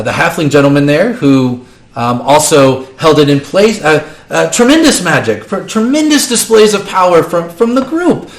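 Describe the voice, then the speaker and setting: A man voicing a humble young female student who hesitates and stumbles through her words. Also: fairly high pitch. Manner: hesitant, full of ums and restarts. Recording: roomy room with faint noise.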